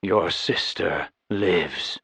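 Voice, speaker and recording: A man voicing a huge, solemn knight with a deep, booming voice in an audiobook. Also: vocal fry, fairly bright tone, husky, dry recording, exaggerated voice. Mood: grave. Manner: slow, grave and terse.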